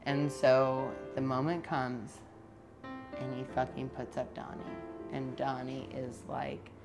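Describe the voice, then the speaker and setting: A woman's voice: a bass voice, little pitch movement, slow pace, over music. A drunk woman rambling through a profane, comedic recap of a TV episode, feeling nauseated.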